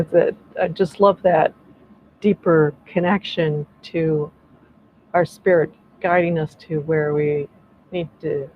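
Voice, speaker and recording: Over a video call, a woman guides a group through an energy clearing, her soft, encouraging voice meandering and often restarting. Her voice sits on the low side, the highs are cut off, and there's slight background noise.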